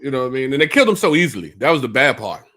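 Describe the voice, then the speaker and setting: A man in casual chat, telling joking stories with animated delivery. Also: medium pitch, racing. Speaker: co-host.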